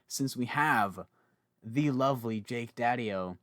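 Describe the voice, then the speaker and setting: A young man hosting a casual podcast chat, talkative and quick to laugh, often interrupting himself. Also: medium pitch, a bit bright, no room sound, clean studio sound. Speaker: podcast host.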